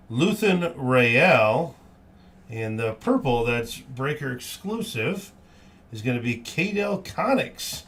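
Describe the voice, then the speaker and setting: A man hosts a live card-opening stream, calling out each pull one by one with easy enthusiasm. He talks slowly, taking his time, while his pitch swings up and down with plenty of life. Small exclamations pop up as he reacts to the cards. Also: fairly bright tone. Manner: upbeat, reads out each card, cheerful exclamations. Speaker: card break host.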